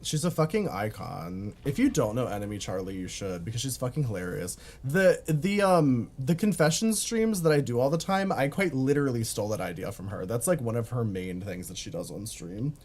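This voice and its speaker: A man's voice: mid-range voice, very animated, brisk, few pauses, a little mellow. A man from Baltimore with a Baltimore accent, chatting casually and profanely on a gaming stream while reading chat aloud. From Baltimore, USA.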